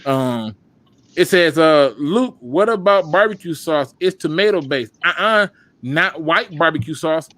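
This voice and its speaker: A man hosting a casual live stream, joking and reacting loudly to the chat. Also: a little high, lively intonation, a little slow, no room sound. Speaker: podcast host.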